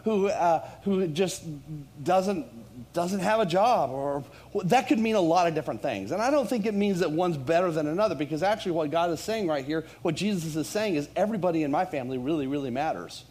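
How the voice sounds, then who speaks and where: A man, a pastor preaching a sermon in church, building to loud emphatic lines. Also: a little high, fairly quick. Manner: animated preaching, rising loud on key lines.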